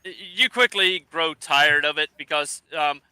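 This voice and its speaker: Male game master, smooth and clear, pauses often to find words while narrating. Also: a little high, lively intonation, pushed and bright, no echo, rough recording. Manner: halting, searching for words.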